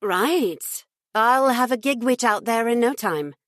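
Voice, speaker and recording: A woman voicing a smooth, predatory agency witch with a silken British accent and a simpering manner. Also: a little high, expressive, slow pace, fairly bright tone, dry recording, studio quality, voice pushed up. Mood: brisk. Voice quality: silken-voiced. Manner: simpering, sugary.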